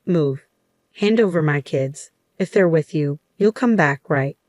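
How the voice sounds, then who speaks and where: A man's voice: a little high, animated, measured pace, a little mellow, dry recording, studio quality. A woman reading the lines of a selfish young ex-husband who turns defensive and pushy. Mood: angry.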